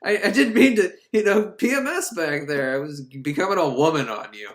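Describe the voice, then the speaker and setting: A man's voice: fairly high pitch, animated, normal speed, a bit bright, reverberant. A man voicing an indignant young princess who huffs back. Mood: huffy. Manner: huffy, indignant.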